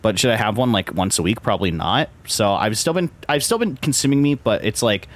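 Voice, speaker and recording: A man's voice: on the low side, animated, fairly quick. A man hosting a podcast, telling rambling stories in casual chat with many fillers. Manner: rambling storyteller, heavy use of filler "like". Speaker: podcast host.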